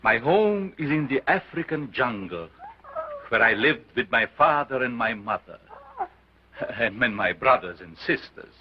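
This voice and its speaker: A man's voice: medium pitch, expressive, measured pace, lightly acted. An actor playing a commanding showman doctor with an unusual foreign accent, declaiming to a crowd in 1930s film style. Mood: solemn. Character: sinister male showman doctor, grandiose and commanding. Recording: dull old film soundtrack with hiss.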